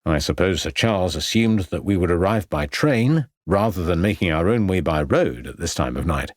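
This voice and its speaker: A man voicing a calm, methodical police inspector. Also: deep voice, no room sound, studio quality, pitched below the performer's own voice. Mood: measured. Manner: polite, measured.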